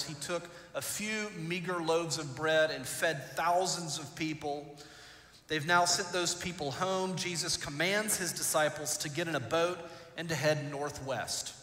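A male pastor preaching a sermon, retelling a story with dramatic swings between loud and quiet. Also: on the high side. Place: church. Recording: echoey church hall.

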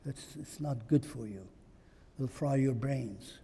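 A man's voice: mid-range voice, slow pace, dark tone, breathy edge, in a large hall. A man preaching a sermon in church, emphatic and repeating phrases for stress. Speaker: pastor.

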